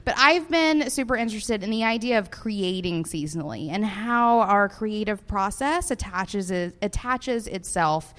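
A woman's voice: mid-range voice, a little slow, hardly any pauses, fairly bright tone. A woman with a Southern US accent co-hosting a podcast, chatting casually and laughing often in front of a live audience. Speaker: podcast co-host.

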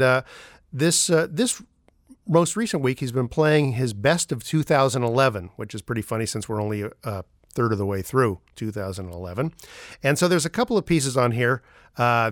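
A man's voice: medium pitch, no echo, clean studio sound. A man hosting a podcast, introducing clips in a rambling, casual way with many fillers. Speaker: podcast host.

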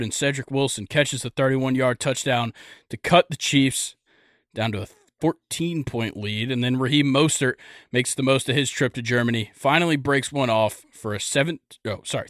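A man's voice: medium pitch, fairly bright tone, dry recording, clean studio sound. A young man hosting a casual sports podcast, rambling and joking with lots of fillers. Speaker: podcast host.

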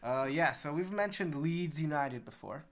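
A man's voice: a little high, expressive, moderate pace. A man from Utah co-hosting a sports podcast, giving news with dry, wry humor. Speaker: podcast co-host. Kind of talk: casual sports chat.

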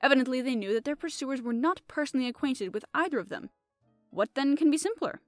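A woman reading aloud, voicing a fussy, polite middle-aged male detective who speaks with courteous, soft reproof. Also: high-pitched, lively intonation, fast, dry recording, faint music behind. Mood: explaining.

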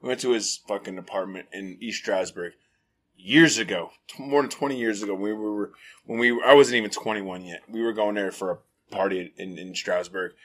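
A man in his forties telling profane stories in casual banter, jumping into animated impressions. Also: fairly low pitch, normal speed. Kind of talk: casual chat.

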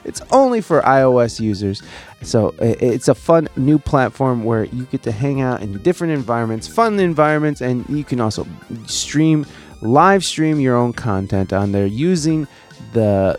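A man's voice: mid-range voice, a little mellow. A man hosting a podcast, reading out his plugs in a loose, rambling, profane and self-mocking way. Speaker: podcast host.

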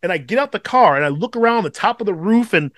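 A man co-hosting a podcast, telling a story in casual chat, swearing constantly and animated. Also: sits high, quick pace, no room sound, clean studio sound. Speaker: podcast co-host.

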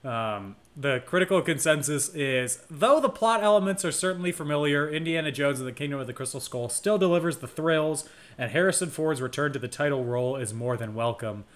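A man with a fairly high voice that rises and falls a lot, co-hosting a casual podcast. He reads out film facts with a dry, wry, playful touch. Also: lively intonation, a little fast, fairly bright tone. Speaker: podcast co-host.

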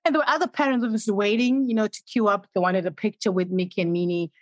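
A woman hosting a casual chat, telling her stories in an animated way and acting out her own inner voice. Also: medium pitch, fast, no room sound. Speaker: host.

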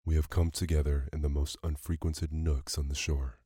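A man narrating a classic short story for a sleep podcast in a calm, even storytelling manner. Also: rumbling low, normal speed, husky, no echo, studio quality. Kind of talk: bedtime story reading.

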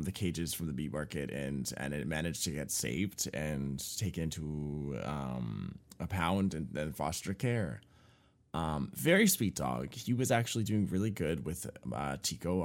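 Low-voiced man telling a rambling story. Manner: rambling, filler-heavy, swears freely; gets loud and animated retelling shock. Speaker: podcast co-host. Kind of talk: casual storytelling chat.

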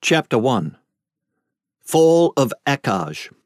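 A man narrating a fantasy novel audiobook in a measured, deliberate storytelling manner. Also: medium pitch, big pitch swings, dry recording, clean studio sound. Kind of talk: scripted narration.

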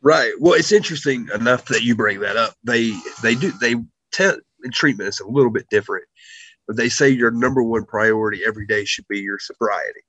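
A man's voice: mid-range voice, brisk, bright, forceful tone, husky, dry recording, rough recording. A man speaking as an interview guest, thoughtful and hesitant, with frequent fillers. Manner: hesitant, many fillers and restarts. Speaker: guest, pro wrestler. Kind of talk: interview talk.

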